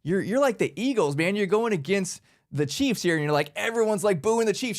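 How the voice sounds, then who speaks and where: A man hosting a motivational business workshop, talking in a casual, energetic way and often tagging lines with "man" and "right?". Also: sits high, a little fast, hardly any pauses. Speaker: workshop host.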